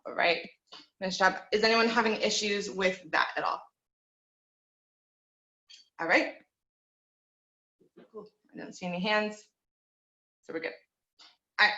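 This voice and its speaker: A woman's voice: mid-range voice, measured pace, long pauses, sharp tone, roomy sound, muffled recording. A woman teaching a group voice lesson over a video call, coaching in an easy, encouraging way with plenty of fillers.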